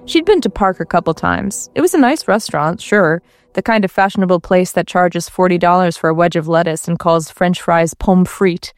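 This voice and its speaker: A woman's voice: fairly low pitch, moderate pace, hardly any pauses, no echo, clean studio sound. A woman reading a comic parody story aloud with playful, wry asides. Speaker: narrator.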